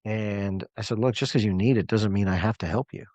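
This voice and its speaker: A man's voice: on the low side, fairly quick, a little mellow, no echo. A man coaching clients on a live call, telling a story in an emphatic, conversational way.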